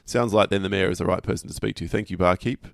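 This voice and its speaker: A man playing a tabletop game, talking in a relaxed, wry way. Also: low voice, racing, gravelly, no room sound, clean studio sound. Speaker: player.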